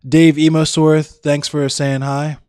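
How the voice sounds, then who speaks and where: A man's voice: a little high, flat delivery, unhurried, a little mellow, clean tone, no echo, studio quality. Profane, blunt young man ranting on stream. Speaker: livestreamer. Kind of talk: casual chat with live viewers.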